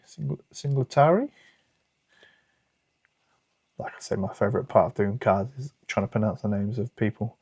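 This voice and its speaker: A man's voice: on the low side, fairly quick, creaky, hardly any pauses, darkish tone, husky, dry recording. A British man with a British accent hosting a casual card-opening video, chatting and muttering asides to himself. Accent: British English. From United Kingdom. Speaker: card collecting channel host.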